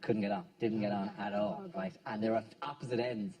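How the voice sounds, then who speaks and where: A man hosting a comedy panel show, joking in a quick, conversational way, heard from a distant studio mic. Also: fairly low pitch, fairly even intonation, mellow. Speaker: host.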